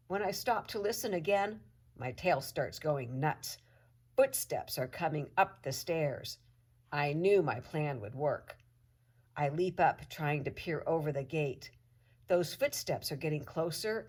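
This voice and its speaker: Woman teacher, low voice, storybook read-aloud, expressive. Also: unhurried, slightly rough. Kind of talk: reading a children's chapter book aloud.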